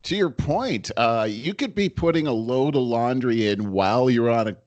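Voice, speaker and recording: A man's voice: medium pitch, expressive, normal speed, a little mellow, no room sound, lo-fi sound. A middle-aged man co-hosting a podcast, telling anecdotes in casual chat and chuckling through his stories. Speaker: podcast co-host. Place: home in Los Angeles.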